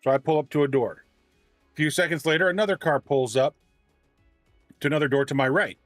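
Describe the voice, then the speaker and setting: Streamer guy, slightly high voice, dry close mic with faint music behind, ranting storyteller. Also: brisk, no room sound. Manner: ranting, animated anecdote with restarts. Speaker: livestreamer. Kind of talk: casual storytelling.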